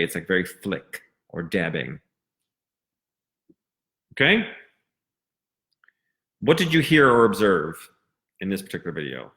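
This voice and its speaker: A man teaching a singing lesson, explaining diction and stressing crisp consonants. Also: fairly low pitch, a bit bright.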